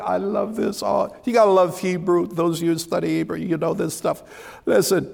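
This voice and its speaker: A man preaching a sermon to his congregation in an emphatic way, repeating key phrases and dropping to a hush. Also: high-pitched, expressive, normal speed, gravelly. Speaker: pastor. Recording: long hall reverb.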